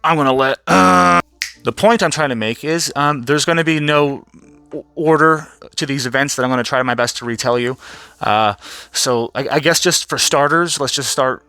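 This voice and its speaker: A man's voice: medium pitch, normal speed, vocal fry, bright, forceful tone, smooth, no room sound. A man recapping events in a casual, profane, rambling vlog rant, laughing often and mimicking people. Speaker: vlogger.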